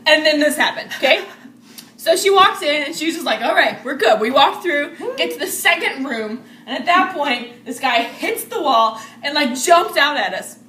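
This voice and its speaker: Animated, laughing young woman telling a story. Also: sits high, moderate pace, distant mic. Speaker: vlogger. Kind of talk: excited storytelling with friends. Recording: echoey room with faint noise.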